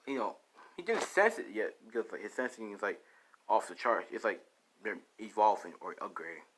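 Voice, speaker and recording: A man's voice: on the low side, lively intonation, fairly quick, a bit bright, rough recording. A young man casually improvising a fan story, rambling with lots of fillers and the odd swear.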